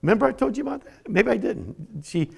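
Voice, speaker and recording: An older man preaching a sermon as a pastor, swinging from shouts to near-whispers and repeating words for emphasis. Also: very high-pitched, very animated, fairly quick, vocal fry, husky.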